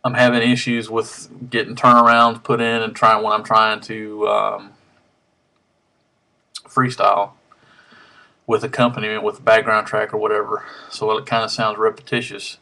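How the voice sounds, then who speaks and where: Slightly winded, a harmonica hobbyist vlogs casually from a room at home over a webcam mic, rambling with ums and restarts. His lowish, gravelly voice is monotone, pushed and bright, at normal speed.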